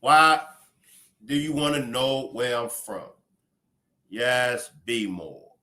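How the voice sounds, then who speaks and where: A man's voice: medium pitch, animated, takes it slowly, sharp tone. A man with a Baltimore accent, hosting a livestream with blunt, profane, fiery commentary. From Baltimore, USA. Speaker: livestream host.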